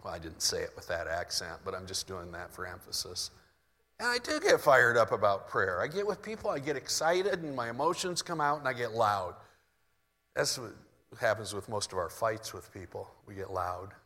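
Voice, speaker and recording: A man preaching a sermon in a relaxed, conversational way, moving between soft asides and loud bursts. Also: on the low side, moderate pace, long reverb tail. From United States. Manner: conversational, shifts from soft asides to mock shouting.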